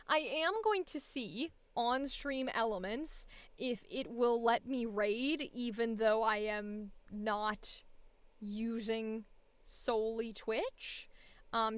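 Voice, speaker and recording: A woman's voice: fairly high pitch, fairly bright tone, clear, resonant tone, dry recording. A woman voice actor chatting casually on a livestream, rambling with many fillers and restarts. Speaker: voice actor streamer.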